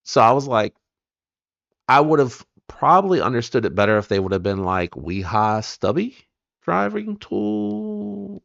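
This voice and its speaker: A man's voice: fairly low pitch, expressive, a little fast, fairly bright tone, no echo, lo-fi sound. A man hosting a live stream, chatting casually and rambling as he greets viewers by name.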